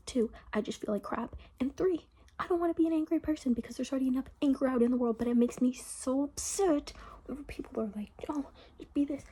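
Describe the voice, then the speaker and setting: A woman's voice: fairly high pitch, mellow, husky. A teenage girl talking in a rambling, chatty way in a casual diary vlog, often half-whispering into her phone in her bedroom. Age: teens. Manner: rambling, chatty, full of "like" fillers. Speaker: vlogger.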